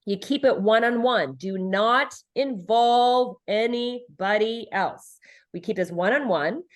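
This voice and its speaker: She takes it slowly in a fairly high-pitched voice. The speaker, a middle-aged leadership and relationship expert appearing as a guest in a conversational podcast interview, is earnest and emphatic, stressing points through repetition and acting out quoted lines.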